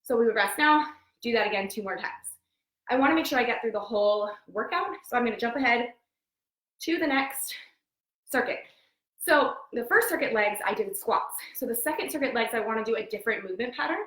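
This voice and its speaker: Working out at home, an upbeat woman coach gives live instruction and form cues, sounding slightly winded. Her somewhat high, fairly bright voice is distant from the mic and bounces around a very echoey space. She talks with animation at a slightly quick pace.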